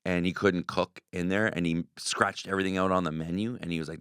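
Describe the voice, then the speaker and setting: A man's voice: low voice, a little fast, clear, resonant tone, no echo, clean studio sound. A man, a haunted house owner telling stories in an interview and acting out the voices of the people in them. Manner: excitable, acts out quoted voices. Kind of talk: animated radio interview storytelling.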